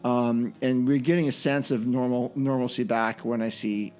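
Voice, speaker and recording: A man's voice: mid-range voice, steady tone, moderate pace, clean tone, faint music behind. A man hosting a podcast, chatting casually in an easygoing, rambling way as he wraps up the show. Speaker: podcast host.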